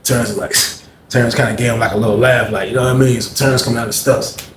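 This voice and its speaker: A man casually telling a story, animated and repetitive as he acts out each scene. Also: medium pitch, fast, echoey room, noisy background.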